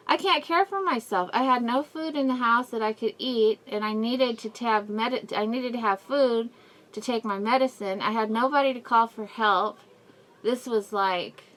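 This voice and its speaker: A woman's voice: a little high, a bit bright. Middle-aged woman rambling through a face mask. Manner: rambling, emotional storytelling with frequent laughs and sighs. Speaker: vlogger. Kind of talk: casual personal update to camera. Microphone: speaking through a face mask.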